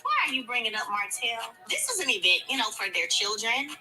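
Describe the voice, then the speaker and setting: A woman's voice: fairly high pitch, big pitch swings, brisk, low-quality recording. A woman on a reality show, talking in a firm, blunt way and correcting others. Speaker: reality show cast member. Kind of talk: reality TV conversation. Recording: reality show clip with background music.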